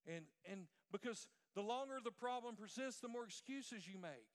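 A man's voice: sits high, brisk, hardly any pauses, smooth, in a large hall. A middle-aged man preaching a sermon as pastor, asking the congregation questions and waiting for the answer. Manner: preaching with call-and-response questions.

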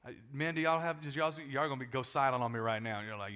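A man preaching a sermon in a large church, animated and joking with the congregation, often repeating words as he restarts. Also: medium pitch, fast. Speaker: pastor. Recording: echoey hall.

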